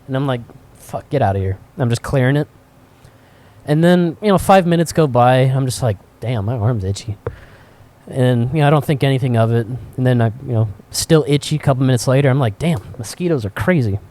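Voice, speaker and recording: A man's voice: medium pitch, brisk. Laughing man telling crude stories. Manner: profane, animated anecdotes with laughter. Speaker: podcast co-host. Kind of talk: casual storytelling chat. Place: cigar shop.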